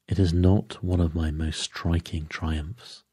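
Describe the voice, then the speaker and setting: A man voicing a fussy, dapper middle-aged detective in an audiobook, speaking precisely with sudden high exclamations. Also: fairly even intonation, slow pace, mellow, husky, no room sound, clean studio sound, exaggerated voice. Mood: fussy, animated. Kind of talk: audiobook character voice.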